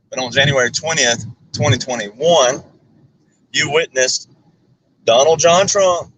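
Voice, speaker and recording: American guy in a car earnestly explaining stuff, mid pitch, faint hiss. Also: fairly bright tone, low-quality recording. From United States. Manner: earnest, lecturing, piles up legal references. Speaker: guest.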